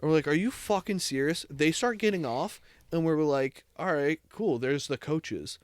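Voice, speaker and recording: A man's voice: fairly high pitch, lively intonation, normal speed, dry recording. Rambling, foul-mouthed young man telling stories. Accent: New England. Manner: rambling, heavy swearing, lots of "like". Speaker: podcast host. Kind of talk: casual storytelling chat.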